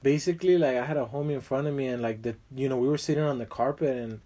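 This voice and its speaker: A man's voice: medium pitch, fast talker, dark tone. A young man chatting casually as a guest, rambling with lots of fillers and slang. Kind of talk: casual chat.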